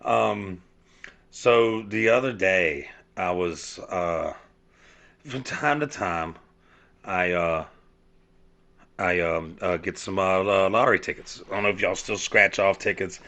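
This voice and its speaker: A man's voice: deep voice, slow, sharp tone. A man from South Georgia, hosting a casual podcast monologue, rambling and swearing with many fillers and restarts. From South Georgia, USA. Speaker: podcast host.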